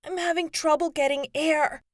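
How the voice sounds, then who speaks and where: A woman's voice: sits high, steady tone, moderate pace, dry recording, studio quality, pitched above the performer's own voice, close to an everyday voice. A woman voicing a scared teen girl gasping for air. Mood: frightened. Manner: strained, short of breath. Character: frightened teenage girl trapped in fire.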